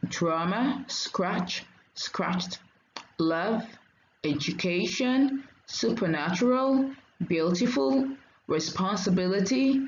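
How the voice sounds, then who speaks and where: A woman teacher giving a diction lesson, saying each word slowly and clearly and repeating it for learners. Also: fairly low pitch, roomy sound, muffled recording, a little hiss or hum.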